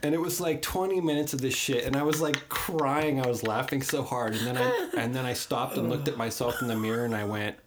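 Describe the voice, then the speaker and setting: A man's voice: medium pitch, brisk, hardly any pauses. A young man co-hosting a podcast, telling a rambling story with lots of jokes and laughter. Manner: rambling, joking storyteller who laughs a lot. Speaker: podcast co-host. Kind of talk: casual chat. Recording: noisy background.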